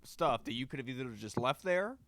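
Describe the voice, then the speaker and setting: A man on a podcast chimes in with relaxed, amused commentary. His voice is a plain mid-range one, easygoing and conversational. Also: medium pitch, a little fast, dry recording. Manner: laid-back, amused reactions. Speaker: podcast co-host. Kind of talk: casual chat.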